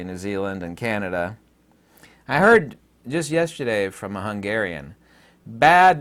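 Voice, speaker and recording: Animated American man ranting to camera. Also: medium pitch, clear, resonant tone. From United States. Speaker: vlogger. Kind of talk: casual monologue to camera.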